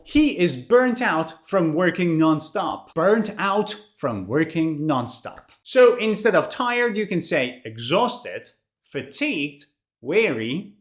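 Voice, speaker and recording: Woman, English teacher, lively up-and-down voice, clear deliberate delivery, repeats words for practice. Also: on the low side. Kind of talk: vocabulary lesson.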